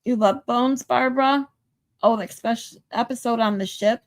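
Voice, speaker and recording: This sleep-deprived woman hosts a livestream, her voice a little high and her pace moderate, captured in a dry recording. She chats casually with viewers and reads out what they write.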